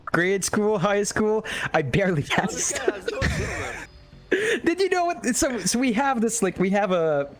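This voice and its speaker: Young Filipino male caster on a headset, relaxed stream banter, quick to laugh at himself, slightly high voice. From Philippines. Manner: chatty and self-mocking, laughing often. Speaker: esports caster. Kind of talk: casual chat between casters on a live stream.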